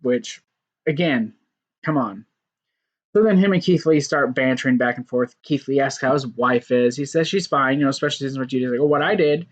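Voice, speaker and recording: A man casually recapping a wrestling show, animated, acting out quotes and laughing along. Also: medium pitch, a little fast.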